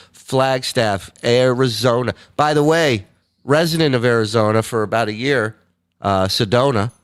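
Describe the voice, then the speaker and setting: A man hosting a casual livestream, reading out viewer messages in a loose, profane way and breaking into loud, high impressions. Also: smooth, no room sound, studio quality. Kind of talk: casual chat.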